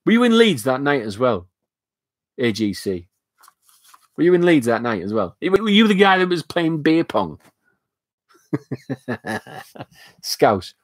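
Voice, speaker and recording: In a mid-range, very animated voice, a northern English streamer with a northwest-northeast mixed accent chats with viewers and reads their messages. He goes slowly, pausing often, rambling and filling gaps with fillers, on a dry recording.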